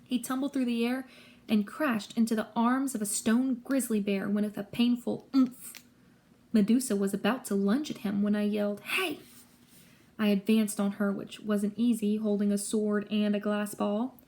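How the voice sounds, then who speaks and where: A woman reading a story aloud in a steady, lively first-person narration. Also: medium pitch, normal speed. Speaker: audiobook reader.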